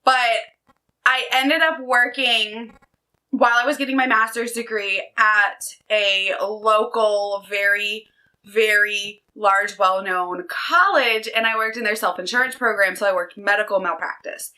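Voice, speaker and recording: Bright, upbeat chatty woman vlogger. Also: medium pitch, unhurried, low-quality recording. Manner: chatty, energetic, upbeat storytelling. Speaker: book vlogger. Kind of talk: casual chat.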